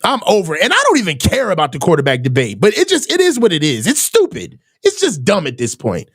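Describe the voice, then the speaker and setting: A man's voice: high-pitched, huge pitch swings, quick pace, slightly rough. Exasperated man ranting over a football game. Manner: shouts often in frustration. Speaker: sports reaction host. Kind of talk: live game reaction commentary.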